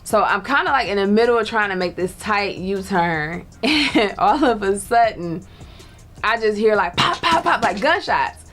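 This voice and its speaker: A woman's voice: medium pitch, expressive, normal speed, fairly bright tone, faint music behind. A young woman telling a story in casual chat, laughing and acting out the voices of people she quotes. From Detroit. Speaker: guest storyteller.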